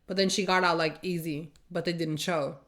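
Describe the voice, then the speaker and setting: A woman's voice: fairly low pitch, fairly even intonation, moderate pace, fairly bright tone. Woman, reaction video host; blunt and exasperated, sarcastic running commentary.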